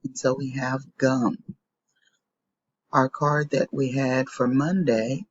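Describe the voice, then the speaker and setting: A woman teaches young children their letter sounds, saying each word twice in a slow, patient way. Her voice is a little husky. The recording is dry, close and lo-fi, with a dull tone. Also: rumbling low, level tone. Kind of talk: phonics lesson for young children.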